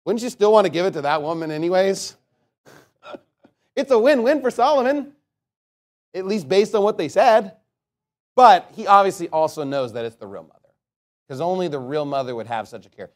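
A man preaching a sermon, reading scripture aloud and breaking into animated commentary, rhetorical questions and chuckling asides. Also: sits high, normal speed, long pauses. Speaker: pastor.

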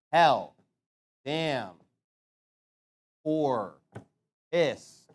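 A man preaching a sermon, asking rhetorical questions and slowing down to stress his points. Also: high-pitched. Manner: emphatic, rhetorical questions, slows to stress words.

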